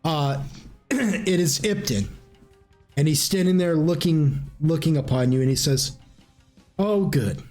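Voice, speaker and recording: A man's voice: a little high, unhurried, darkish tone, faint music behind. A man running a tabletop game as game master, narrating in a rambling, informal way with restarts. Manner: rambling, informal, frequent restarts and clearing throat.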